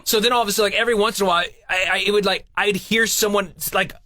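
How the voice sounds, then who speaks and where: Bright-voiced man, rambling podcast chat. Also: sits high, fairly even intonation, very fast, dry recording, studio quality. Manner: loose, rambling, lots of "like" fillers. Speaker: podcast co-host.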